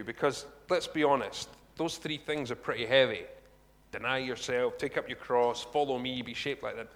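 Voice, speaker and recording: A man preaching a sermon in a chatty, animated way, often turning to the congregation with quick asides. His voice sits at an ordinary middle pitch, and a long hall reverb trails behind every phrase. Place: church hall.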